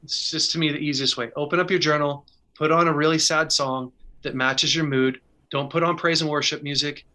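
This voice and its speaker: Man, earnest and candid, bright tense voice, slightly high pitch, casual teaching chat. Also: steady tone, fairly quick. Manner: earnest, candid, talks in short bursts with restarts. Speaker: faith speaker sharing advice. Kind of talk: conversational teaching with personal story.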